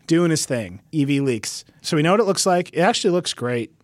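A man hosting a casual tech podcast, joking and quick, laughing often. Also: fairly high pitch, expressive, no echo, clean studio sound. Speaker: podcast host.

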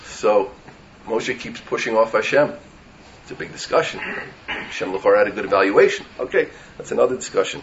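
Animated man teaching a Torah class. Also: fairly low pitch, fairly quick, long pauses. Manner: animated, asks rhetorical questions, mixes in Hebrew verses. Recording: dull lo-fi recording.

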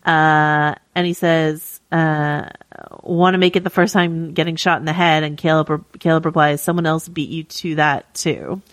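A woman's voice: low-pitched, flat delivery, normal speed, no echo. A woman co-hosting a podcast, talking casually with lots of fillers and restarts. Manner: chatty, many fillers and restarts. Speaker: podcast co-host.

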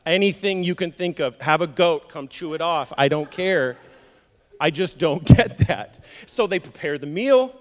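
Animated high-voiced male preacher. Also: a little slow, big-room sound. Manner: animated storytelling with humorous asides. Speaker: pastor. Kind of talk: sermon.

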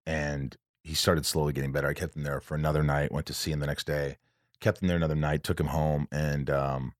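A man's voice: rumbling low, dry recording, clean studio sound. A male podcast host in casual chat, telling a personal story in an earnest, rambling and emotional way, with frequent restarts.

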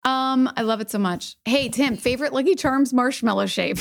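A woman's voice: high-pitched, moderate pace, gravelly. A woman co-hosting a podcast, bubbly and enthusiastic, gushing in a casual chat. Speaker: podcast co-host.

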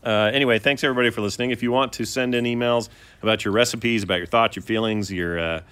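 A middle-aged man co-hosting a podcast, telling stories in a chatty, animated way. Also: medium pitch, fast talker, clean tone. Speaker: podcast co-host. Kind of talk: casual chat.

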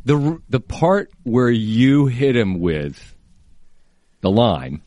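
A man's voice: mid-range voice, very animated, slow pace, dark tone, dry recording, studio quality. A man co-hosting a radio show, reflecting at length in a casual chat.

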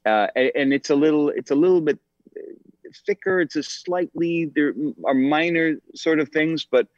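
In a dry, somewhat lo-fi recording with a dull sound, a man in his forties with a slightly high voice speaks at a moderate pace. He's an actor appearing as a podcast guest in a casual interview, and he comes across as thoughtful, with plenty of ums and restarts.

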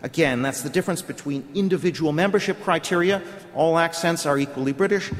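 A middle-aged man delivers a prepared speech at a conference, arguing point by point and posing rhetorical questions. His voice sits a little high for a man. The sound carries a long reverb from the hall around him. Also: a little fast. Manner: argumentative, lecturing with rhetorical questions. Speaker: conference speaker.

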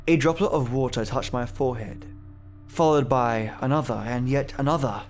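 A man reading a first-person horror story aloud in a measured, somber way. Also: medium pitch. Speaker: narrator. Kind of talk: scripted horror narration. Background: faint music.

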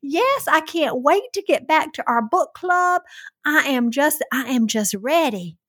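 A woman imitating an excitable Southern woman friend who gushes in a high voice with a Southern accent. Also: unhurried, full character voice. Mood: gushing.

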